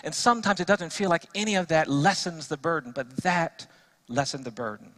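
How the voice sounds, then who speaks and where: Speaking fairly quickly in a fairly high voice, a male defense lawyer tells stories earnestly to a church audience, going soft at sad moments and rising into emphatic repetition as he preaches.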